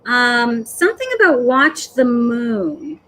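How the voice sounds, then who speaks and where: A woman psychic medium giving a live-streamed reading, gentle and hesitant, filling pauses with "okay" and "um". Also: a little high, expressive, poor audio. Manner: slow, hesitant, full of "okay" and "um".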